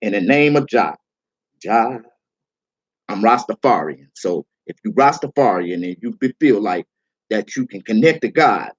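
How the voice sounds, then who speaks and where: A livestreaming comedian, a man, giving a profane, heated rant that swings from calm to shouting. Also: on the low side, unhurried, slightly rough, highs cut off.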